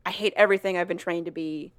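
A woman's voice: lowish voice, steady tone, quick pace, clean tone. A woman co-hosting a casual chat, retelling a book's plot in a chatty way and acting out the characters' lines. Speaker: podcast co-host. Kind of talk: casual chat recapping a book.

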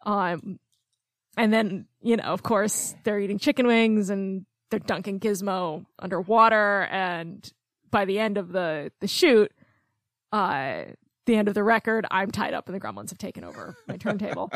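A woman's voice: medium pitch, expressive, normal speed, dry recording, clean studio sound. A woman co-hosting a casual film podcast, talking in a chatty way with frequent ums and light laughs. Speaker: podcast co-host.

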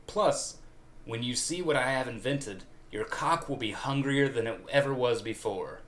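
A man voicing a grumpy, jealous male inventor who blusters indignantly, pitched higher and louder than his own voice. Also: measured pace, close to an everyday voice. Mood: blustering.

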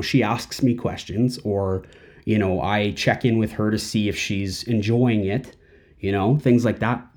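A man's voice: fairly low pitch, a little mellow. A man hosting a podcast in a casual monologue, rambling and full of fillers. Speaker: podcast host.

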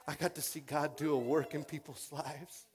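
A man preaching a sermon in an animated storytelling way, acting out quoted voices and swinging from loud bursts to quiet passages. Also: a little high, normal speed, slightly rough.

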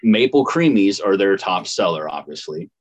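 Laughing easily, a Midwestern American man in his thirties tells a travel story in a casual podcast chat where he's a co-host. His deep voice has a sing-song lilt at normal speed, and the recording quality is low.

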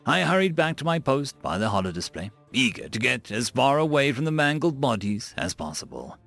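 A man narrating a science-fiction audiobook in a dramatic, expressive manner. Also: mid-range voice, brisk, creaky. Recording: dry close mic with faint music.

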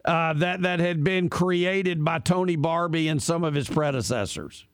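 A man's voice: a little high, measured pace, smooth, dry recording. A man hosting a sports talk radio show, chatting with an opinionated, storytelling manner. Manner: opinionated storyteller, folksy asides.

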